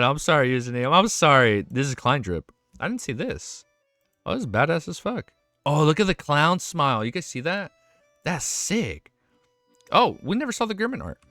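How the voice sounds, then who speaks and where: Excitable swearing male streamer. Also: mid-range voice, no echo. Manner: excitable, swears often, quick exclamations. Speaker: streamer reacting to fan art. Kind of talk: casual live-stream reaction.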